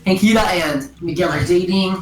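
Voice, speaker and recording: A woman's voice: lowish voice, moderate pace, roomy sound, slight background noise, low-quality recording. Giggly woman rambling on a headset. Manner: excitable, giggly, full of "and then" and "like". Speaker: storyteller among friends. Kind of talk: casual rambling retelling over voice chat. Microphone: gaming headset.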